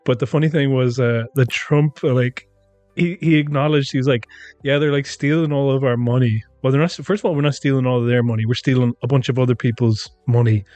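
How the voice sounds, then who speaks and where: A man's voice: mid-range voice, fairly even intonation, quick pace, darkish tone, dry recording, faint music behind. An Irish man co-hosting a podcast in casual chat, retelling events and mimicking the people he quotes. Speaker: podcast co-host.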